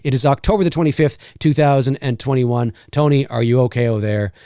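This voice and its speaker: A man hosting a podcast, giving animated live commentary on a movie like a showman. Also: medium pitch, fast, no room sound, studio quality. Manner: animated, showman-like, keeps saying "ladies and gentlemen". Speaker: podcast host.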